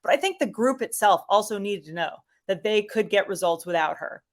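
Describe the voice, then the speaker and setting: A woman's voice: medium pitch, a little fast. A middle-aged woman, a soccer commentator, chatting enthusiastically as a guest with lots of fillers. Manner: enthusiastic, animated, many fillers. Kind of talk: casual interview chat.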